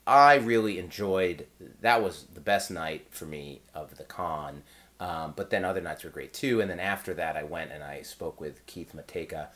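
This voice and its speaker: Excitable male game designer, casual vlog ramble, very animated intonation. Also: low-pitched. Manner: excited, rambling, with restarts and laughs.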